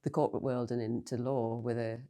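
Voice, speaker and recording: Mellow-voiced Geordie woman host. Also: extremely low pitch, little pitch movement, fairly quick. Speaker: podcast host. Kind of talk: casual interview chat.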